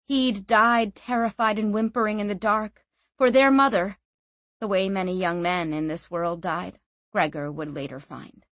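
Female audiobook narrator, steady even read, dry close studio sound. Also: mid-range voice, a little slow, no room sound. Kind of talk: scripted fantasy audiobook narration.

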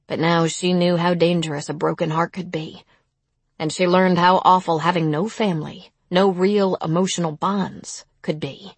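Husky-voiced woman reading a somber story. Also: lowish voice, fairly even intonation, no room sound. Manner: measured, somber. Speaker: narrator. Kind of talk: audiobook narration.

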